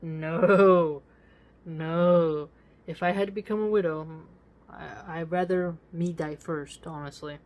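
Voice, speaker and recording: A woman's voice: lowish voice, steady tone, slow, a little mellow. A woman giving casual spoken commentary on a book. She talks to listeners directly in a preachy, emphatic way and repeats words for stress.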